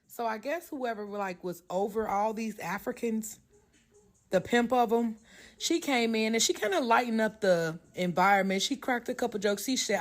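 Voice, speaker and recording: A woman who works as a hairstylist, telling a salon story in a blunt, profane, animated way. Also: mid-range voice, normal speed. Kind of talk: casual storytime.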